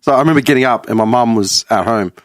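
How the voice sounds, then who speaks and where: A man's voice: medium pitch, fast, no echo. A man, co-hosting a podcast in casual chat, telling stories and swearing now and then. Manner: animated storyteller, swears casually. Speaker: podcast co-host.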